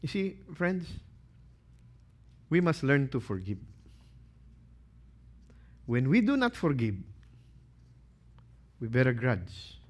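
A male pastor preaching a sermon, animated, questioning his congregation and acting out quotes. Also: mid-range voice, slow pace, pauses often.

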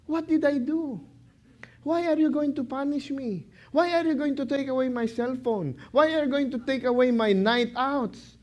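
A man's voice: very high voice, voice pushed up. A man voicing a protesting teenager who pleads with his mother and asks why he is being punished, indignant and whiny.

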